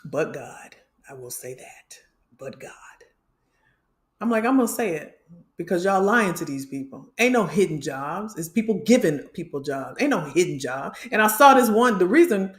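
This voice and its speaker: A woman's voice: medium pitch, lively intonation, a little fast, reverberant. A middle-aged woman from Illinois, a career coach talking passionately to her livestream viewers and calling them y'all. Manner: passionate, preachy, addresses the audience as y'all.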